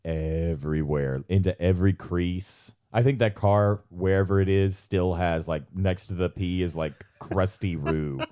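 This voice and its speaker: A man telling stories in casual chat, animated, laughing, and breaking into silly voices for quotes. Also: low-pitched, a little slow, few pauses.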